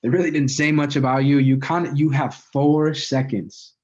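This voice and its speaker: A man's voice: mid-range voice, fairly even intonation, moderate pace, darkish tone. Casual man coaching on sales talk, lo-fi. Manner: loose and conversational, fillers and frequent "right?". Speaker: sales communication trainer. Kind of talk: casual spoken training talk.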